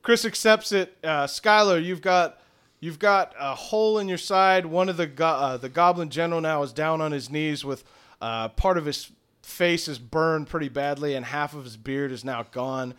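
A man's voice: on the high side, normal speed, fairly bright tone, smooth. A young man narrating a tabletop game as game master in a casual, laughing way. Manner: casual, fillers, laughs often.

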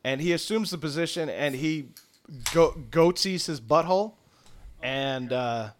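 A man's voice: on the high side, unhurried. A man running a tabletop game as game master, narrating in a loose, rambling way.

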